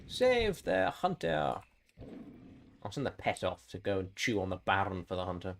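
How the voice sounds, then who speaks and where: A man's voice: deep voice, huge pitch swings, moderate pace, vocal fry, a little hiss or hum. A man giving sarcastic, exasperated running commentary while streaming a game. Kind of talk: live gameplay commentary.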